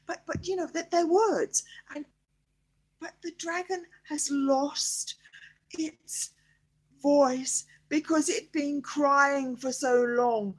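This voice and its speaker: An older woman tells a bedtime story in a soft voice that often drops to a whisper. Her tone is high and breathy, and she takes her time. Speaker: grandmother storyteller.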